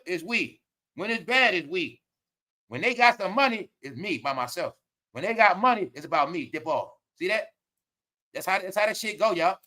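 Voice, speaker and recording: A man rants through his online commentary show, high-pitched and bright. He mocks and scolds his audience in heavy slang, swearing as he goes. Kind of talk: ranting commentary vlog.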